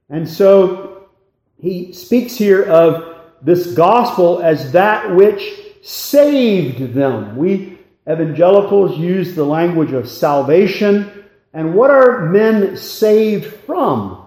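A man delivers a sermon at a slow, measured pace, his voice sitting a little higher than most men's. He leans into emphatic phrases and reads scripture aloud. The sound is roomy and echoey, like a church hall. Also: expressive, a little mellow. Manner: deliberate, emphatic preaching cadence with scripture reading. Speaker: preacher. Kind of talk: expository sermon.

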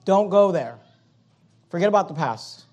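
High-voiced, animated preaching man. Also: moderate pace. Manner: animated preaching, quoting King James scripture, acting out complaining voices. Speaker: pastor. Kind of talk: sermon.

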